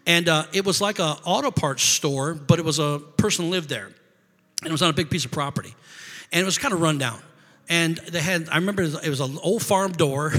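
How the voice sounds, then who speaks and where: A man with a somewhat high voice tells a personal story in a loose, rambling way. He stops and restarts phrases and repeats his words as he goes. A long reverb trails after his voice. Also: bright, forceful tone. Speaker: guest telling a personal story. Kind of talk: casual spoken storytelling.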